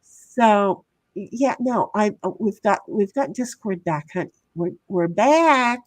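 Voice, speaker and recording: A woman's voice: mid-range voice, lively intonation, takes it slowly, no echo. A woman hosting a casual livestream, chatting with her viewers in a rambling, profane way full of restarts. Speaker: livestream host reading chat.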